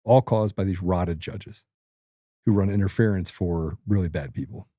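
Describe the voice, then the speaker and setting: Blunt middle-aged guy ranting on a talk show, warm low voice, no room echo. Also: moderate pace, studio quality. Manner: blunt, combative and emphatic. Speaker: host. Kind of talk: political commentary.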